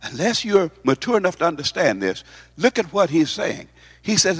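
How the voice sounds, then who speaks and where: Male preacher, high voice, emphatic sermon delivery, long hall reverb. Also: sing-song, moderate pace, breathy edge. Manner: emphatic, repeats words, asks the congregation questions.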